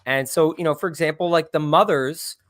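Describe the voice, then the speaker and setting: A man co-hosting a casual political talk stream, explaining in a measured way. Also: on the high side, a bit bright, no room sound, studio quality. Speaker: co-host.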